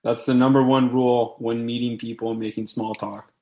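A man's voice: mid-range voice, little pitch movement, fairly quick, darkish tone. A young man from Canada, co-hosting a casual podcast and telling a rambling story with lots of fillers. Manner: laid-back, rambling with many fillers. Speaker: podcast co-host.

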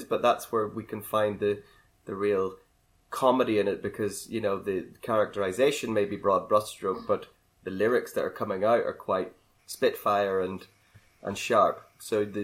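A man, an actor, talking about his role in a relaxed, chatty way. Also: on the low side. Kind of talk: casual interview.

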